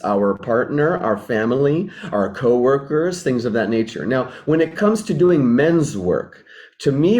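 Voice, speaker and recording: This man's voice sits at a medium pitch with a darkish tone. Taking the role of a relationship mentor, he explains things earnestly and reflectively, often restating his points and acting out sample dialogues in a teaching style.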